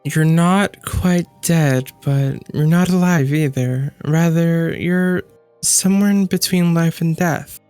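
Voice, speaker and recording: A woman's voice: fairly low pitch, takes it slowly, dark tone, clean tone, dry recording, faint music behind. A woman voicing a cheerful female ghost caught between life and death, reading game lines aloud. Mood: gentle. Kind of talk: voice-acted visual novel read-along.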